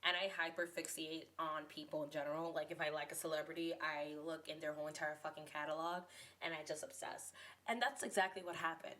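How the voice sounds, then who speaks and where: Young new york woman rambling on her podcast, lowish voice, playful and chatty. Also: steady tone, fairly quick, fairly bright tone. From New York City. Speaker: podcast host. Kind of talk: casual podcast monologue.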